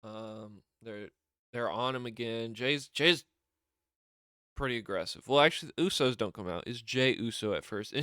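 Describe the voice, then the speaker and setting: A man's voice: mid-range voice, moderate pace, sharp tone, clean tone, no room sound, studio quality. A man giving a rambling, casual recap as a show reviewer, often acting out quotes. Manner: rambling, acts out wrestlers' lines in raised voice.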